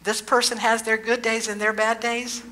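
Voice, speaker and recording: A woman minister giving a sermon in a gentle, reflective storytelling way, slowing down for emphasis. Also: on the high side, level tone, rough recording.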